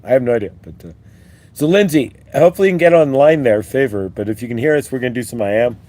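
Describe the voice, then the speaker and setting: A man's voice: mid-range voice, expressive, quick pace, warm tone. A man hosting a live-stream spiritual talk, rambling and upbeat as he leads repeat-after-me affirmations. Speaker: host.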